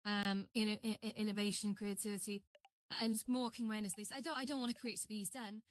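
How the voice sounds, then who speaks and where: A woman's voice: mid-range voice, level tone, a little fast, no room sound. A woman chatting on a live stream as she builds, rambling and greeting viewers while she works. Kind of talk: casual live-stream chat.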